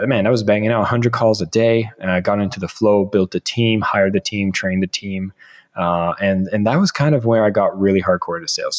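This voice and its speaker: Low-voiced man telling a story. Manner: animated storyteller, acts out his own past lines. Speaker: podcast guest. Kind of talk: casual storytelling.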